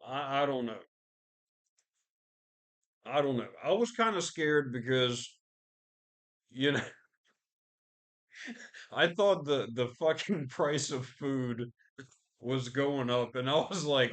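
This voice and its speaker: A man's voice: medium pitch, animated, takes it slowly, pauses often. A man hosting a podcast, ranting casually about the news with constant swearing, fillers and restarts. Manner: profane, rambling, lots of fillers and restarts. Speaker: podcast host.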